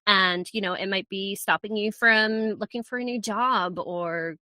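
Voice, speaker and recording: A woman with a blend of Scottish and American accent, hosting a casual podcast interview from a small closet at home, chatty and quick to laugh. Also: mid-range voice, pushed and bright, no echo. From Scotland. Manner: chatty, laughs often, self-deprecating. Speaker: podcast host.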